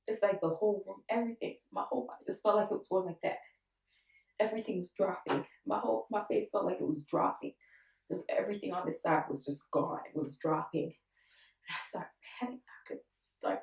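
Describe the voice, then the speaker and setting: A woman in her twenties tells a personal story in an emotional, animated way, acting out the voices of others. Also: mid-range voice, brisk, gravelly. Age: 20s. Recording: echoey room, voice from a distance.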